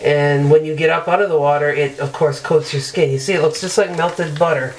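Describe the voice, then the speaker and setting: A woman's voice: deep voice, fairly even intonation, brisk, slight background noise, poor audio. A woman beauty vlogger chatting casually through a product demo in her bathroom, upbeat and loose with fillers.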